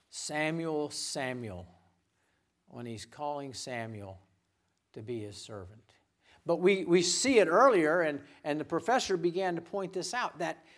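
Man, guest pastor, sermon, earnest, slightly high voice, repeats words, soft hushed quotes. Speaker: guest preacher.

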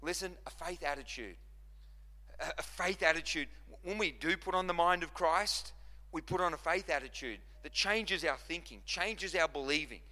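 A man's voice: a little high, moderate pace, pushed and bright. A man preaching a sermon as pastor, impassioned, repeating and restarting phrases as he drives his points home. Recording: long reverb of a large hall.

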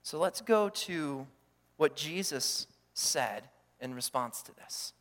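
A man preaching a sermon as pastor, animated, acting out the voices he quotes. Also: on the high side, takes it slowly. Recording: long hall reverb.

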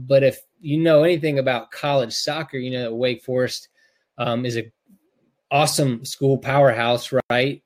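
A middle-aged man from North Carolina chats on a podcast in a mid-range voice. He is openly emotional and rambles, stumbling over restarts and fillers as he tells his story. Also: mid-range voice. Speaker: podcast co-host, parent. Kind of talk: casual podcast chat.

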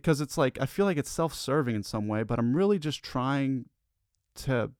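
A man talks through a personal reflection in a loose, searching way, often stumbling over repeated words. His voice sits at an ordinary middle pitch. The sound is dry and close, with no room echo. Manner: halting, repeats words, candid, swears casually.

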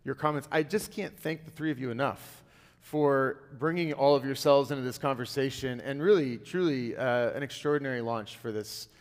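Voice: medium pitch, moderate pace. Panel moderator in a reverberant hall. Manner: frequent murmured backchannels, warm hesitant restarts. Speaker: moderator and host of the series.

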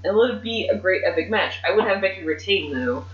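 A woman hosting a podcast, talking casually and excitedly about booking wrestling matches, swearing freely. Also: medium pitch, fast talker. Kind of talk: casual chat. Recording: muffled, echoey room.

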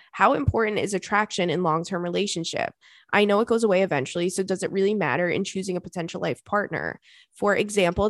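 A woman's voice: medium pitch, no echo, studio quality. A young woman hosting a casual comedy podcast, reading listener emails aloud and riffing with swearing and frequent laughter. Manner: animated, swears, laughs often.

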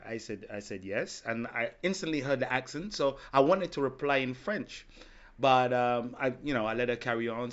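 A man's voice: medium pitch, dull audio. A man hosting a casual podcast chat, telling funny stories with frequent laughs. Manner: animated, laughing anecdotes. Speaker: podcast host, salsa event organizer.

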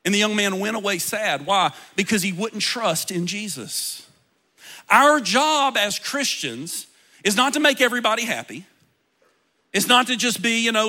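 A man preaching with a very high, ringing voice that keeps climbing into fervent shouts. He tells stories dramatically and with intensity, driving each point home from the pulpit. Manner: impassioned, often breaking into shouts. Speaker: pastor. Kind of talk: sermon.

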